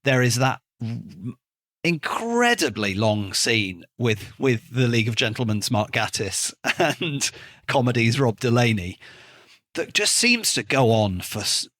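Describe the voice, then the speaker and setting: A man's voice: mid-range voice, big pitch swings, a little slow, fairly bright tone. Guy, medium voice, dry jokey movie podcast banter. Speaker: podcast co-host. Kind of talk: casual film review chat.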